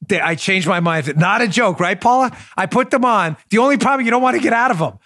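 Talking fast with lively intonation, a middle-aged podcast host runs through political commentary and sponsor reads, emphatic and jokey, riffing and putting on mock voices. His voice sits high and a bit bright, captured in studio quality with no echo.

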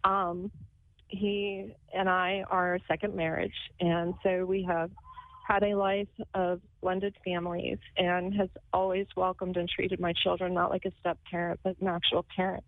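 A woman's voice: on the low side, level tone, unhurried, dry recording. A woman calling in to a radio show, emotional and laughing through tears as she talks. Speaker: caller. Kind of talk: phone call to a radio show. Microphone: phone. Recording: tinny phone line.

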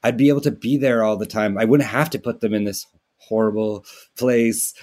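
A man's voice: lowish voice, fairly even intonation, normal speed, a little mellow. A man, a comedian guest on a podcast, talking in a casual, wry, self-mocking way and slipping into silly character voices.

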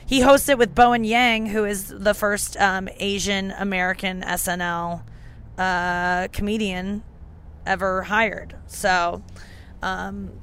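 A woman's voice: medium pitch, steady tone, slow, a bit bright, slight background noise. A young woman hosting a podcast in casual chat, rambling and cutting herself off as she talks. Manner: chatty, rambling, self-interrupting. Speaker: podcast host.

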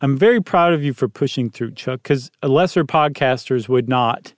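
A man's voice: medium pitch, moderate pace, dry recording, studio quality. A man co-hosting a podcast, chatting casually in a joking, rambling way. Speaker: podcast co-host. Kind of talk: casual chat.

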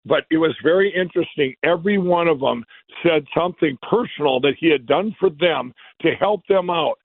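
A man's voice: fairly high pitch, animated, normal speed, gravelly, no echo. A man from Minnesota, a guest telling his story in a rambling way, often repeating and restarting his words. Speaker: guest, company founder. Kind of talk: casual storytelling. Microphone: phone. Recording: tinny phone line, dry.

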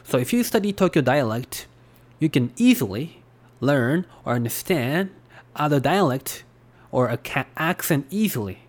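Speaking with a Japanese accent, this podcast host has a slightly high voice with big pitch swings and a moderate pace. The casual podcast talk wanders loosely, full of fillers.

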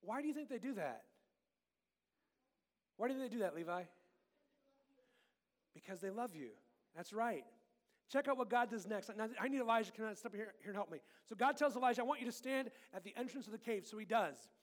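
Man, very high voice, animated children's pastor leading a playful sermon with kid volunteers. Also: brisk, pauses often. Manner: animated, playful, swings between loud and hushed.

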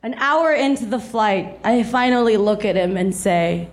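A woman in her thirties from South Texas performing a stand-up set, telling a story with animated delivery and acting out the people in it. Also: medium pitch, unhurried. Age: 30s. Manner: animated storytelling, acts out voices, laughs along. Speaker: stand-up comedian.

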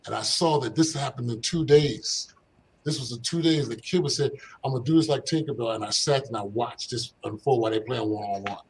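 With a medium-pitched voice and a brisk pace, a former basketball player from Philadelphia, now older, shares stories of his youth in an interview. He's a lively storyteller who laughs often and performs the voices of the people he quotes, though the audio is poor with slight hiss or hum.

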